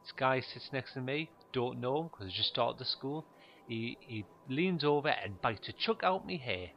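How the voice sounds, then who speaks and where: Gravelly deadpan man doing stand-up. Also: mid-range voice, normal speed, highs cut off, slight background noise. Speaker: stand-up comedian. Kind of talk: stand-up monologue.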